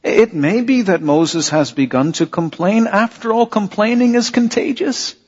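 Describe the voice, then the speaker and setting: Male preacher, sermon delivery, unhurried and earnest, slightly raised pitch, dull lo-fi recording. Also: darkish tone, slightly rough, in a large hall. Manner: earnest, repeats phrases for emphasis, rhetorical questions.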